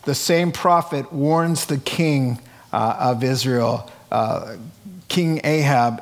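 A man's voice: mid-range voice, slow. A man preaching a conversational sermon to a live congregation in a church, asking rhetorical questions and often adding "right?". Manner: chatty, asks rhetorical questions, frequent "right?". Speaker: pastor.

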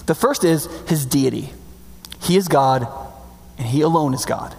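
A man preaching a sermon in a conversational, emphatic way, slowing down to stress key words. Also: on the high side, gravelly. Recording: long reverb hall.

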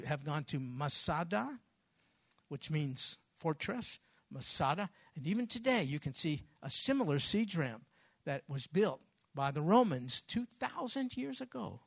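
A man preaching a sermon, telling a Bible story with lively acted-out voices. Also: a little high, dry recording, clean studio sound. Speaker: pastor.

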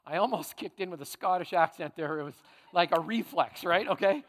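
A pastor delivering a conversational sermon full of playful asides and tag questions. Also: male voice, sits high, brisk, a bit bright, in a large hall.

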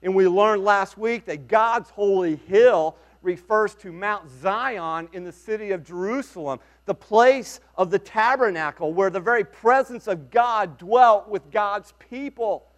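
A man preaching a sermon as pastor, earnest and emphatic, with dramatic pauses. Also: sits high.

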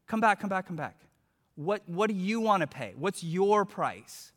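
A man quoting a pushy teenage girl selling shoes at a market, shouty and insistent. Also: mid-range voice, lively intonation, a little slow, long reverb tail. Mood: pleading. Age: late teens.

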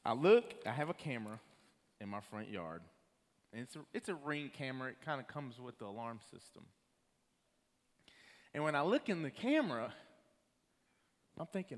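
A man's voice: medium pitch, sing-song, moderate pace, long pauses. A man giving a sermon, telling a personal story and acting out the voices of the people in it. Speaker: preacher. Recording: reverberant hall.

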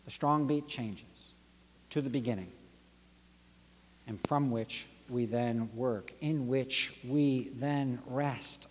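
A man's voice: mid-range voice, a little mellow. Man preaching in a reverberant church. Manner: rhythmic, dynamic preaching with dramatic drops to near whisper and rising emphatic peaks. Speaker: pastor. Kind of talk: sermon. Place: church sanctuary.

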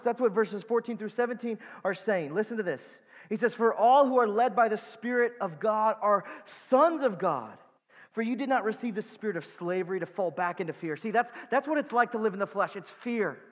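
A pastor with a high-sitting voice preaches a sermon, earnest and emphatic, repeating key words for weight and tossing in casual asides. The sound has a long reverb tail.

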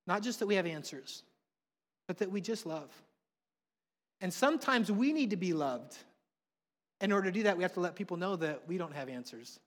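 A man, preaching a sermon with passion, swinging between hushed and loud. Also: high-pitched. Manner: impassioned, swings from soft to loud. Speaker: pastor. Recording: long reverb of a large hall.

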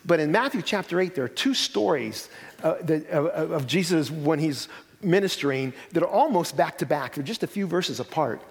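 A man retelling Bible stories in a relaxed conversational teaching style, animated storytelling. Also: a little high, moderate pace. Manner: animated storytelling, acts out quoted lines. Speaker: pastor. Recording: long hall reverb.

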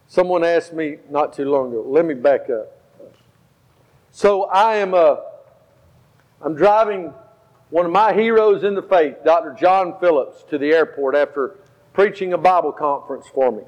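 Delivering a sermon at normal speed, this pastor has a fairly high, slightly mellow voice. He weaves in stories and repeats phrases to stress them, while a faint guitar plays behind a somewhat dull recording.

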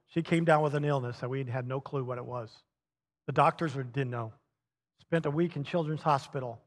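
Middle-aged male pastor, slightly higher voice, animated storyteller with chuckles, long reverb of a large church hall. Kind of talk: sermon.

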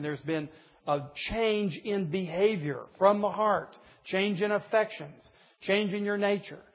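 A man's voice: sits high, breathy edge. A man preaching a sermon to a group of men, earnest, pressing his points with rising emphasis. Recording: dull lo-fi recording in a reverberant hall.

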